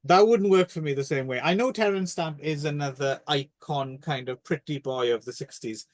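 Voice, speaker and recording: Joking man with a slightly high voice. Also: normal speed, dry recording. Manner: rambling, jokey, tells crude anecdotes with restarts. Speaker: podcast co-host. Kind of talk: casual film chat.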